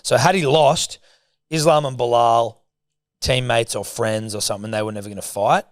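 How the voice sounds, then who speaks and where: A man co-hosting a casual sports podcast, animated and swearing freely. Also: medium pitch, normal speed, no echo, studio quality. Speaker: podcast co-host.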